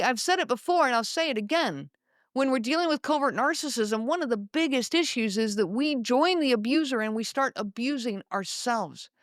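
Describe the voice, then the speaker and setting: A woman hosting a podcast, talking in a measured, explanatory monologue and slowing down to stress key words. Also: on the high side, fairly bright tone, no echo, clean studio sound. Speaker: podcast host.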